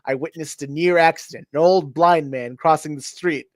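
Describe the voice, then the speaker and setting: A man's voice: on the high side, moderate pace, no echo, lightly acted. A man voicing an old male rat martial arts master in a put-on New York accent, telling his story solemnly. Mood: storytelling.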